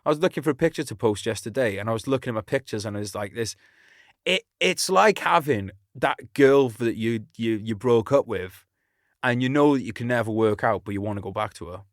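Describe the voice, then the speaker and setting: A man's voice: mid-range voice, lively intonation, brisk, dry recording, clean studio sound. A man from Britain, an army veteran hosting a podcast, talking in a casual, sweary and rambling way, laughing often. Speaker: podcast host. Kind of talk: casual chat.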